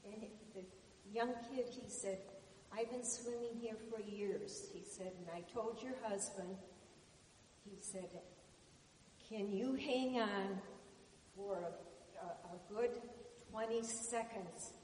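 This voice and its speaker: A woman's voice: mid-range voice, slow pace, long pauses, darkish tone, roomy sound, long reverb tail, a little hiss or hum, poor audio. A woman telling a personal story of faith emphatically to a group. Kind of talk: personal testimony.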